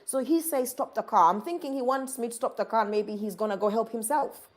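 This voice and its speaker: A woman from Uganda earnestly telling a personal story in a conversation, halting and restarting often. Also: fairly high pitch, a little mellow.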